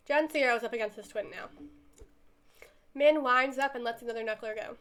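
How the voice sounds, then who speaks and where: A young adult woman streamer reading a visual novel aloud in a lively, animated way. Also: on the high side, fairly quick, long pauses.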